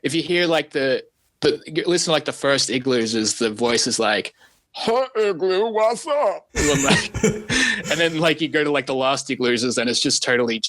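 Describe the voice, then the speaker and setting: A man's voice: mid-range voice, animated, fairly quick, a bit bright, dry recording. A man being interviewed as a guest, chatting casually in an easygoing, self-deprecating way with frequent restarts. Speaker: guest animator. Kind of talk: casual podcast chat.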